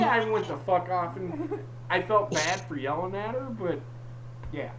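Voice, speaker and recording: Animated woman host, swearing, lively pitch. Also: unhurried, lo-fi sound, a crowd in the background. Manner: animated storytelling, heavy swearing, frequent laughing. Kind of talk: casual chat on a live stream.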